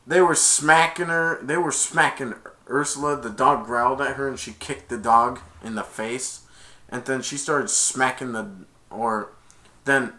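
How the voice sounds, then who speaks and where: A man's voice: medium pitch, bright, forceful tone. A man casually recapping a cartoon's plot, rambling and correcting himself as he goes. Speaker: movie reviewer.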